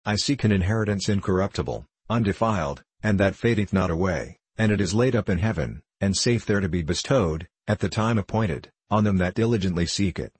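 Earnest troubled pilgrim in an audiobook read by a man: deep husky voice, solemn and pleading. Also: a little fast, few pauses, no echo. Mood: resolute. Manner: solemn, pleading old-fashioned speech. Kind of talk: storybook reading.

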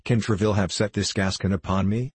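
A man's voice: lowish voice, fairly even intonation, brisk, slightly rough, dry recording. A man reading the part of a haughty, coldly menacing nobleman in an audiobook. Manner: cool, imperious, coldly menacing.

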